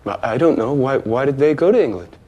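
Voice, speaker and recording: A man's voice: mid-range voice, lively intonation, warm tone, lo-fi sound, close to an everyday voice. A man playing an earnest, stammering young comedian. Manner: earnest, halting, stammers when pressed. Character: odd, earnest young comedian defending his act. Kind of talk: film drama dialogue.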